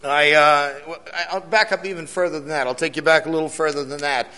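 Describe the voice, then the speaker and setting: A man with a fairly high voice delivers an earnest sermon testimony to his congregation. He repeats key lines for weight and asks the crowd questions. His voice rings out with a long reverb through a church hall. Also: fairly even intonation, brisk, bright, forceful tone. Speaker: church elder giving testimony.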